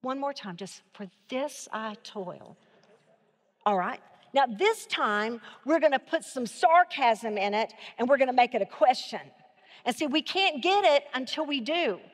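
Brief: woman preacher, fairly high voice, call-and-response sermon, hall echo. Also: lively intonation, normal speed. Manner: leads the audience in call-and-response, repeats phrases.

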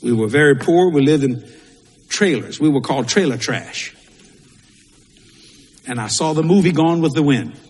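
A man's voice: a little high, lively intonation, moderate pace, pauses often, slightly rough. A male pastor, preaching a sermon in a folksy, repetitive way with Southern turns of phrase. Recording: long hall reverb.

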